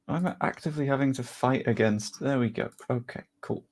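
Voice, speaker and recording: A young man speaks in a mid-range voice at a moderate pace, chatting casually with his stream audience before a football match. He's talkative, reads out the chat, and jokes about himself.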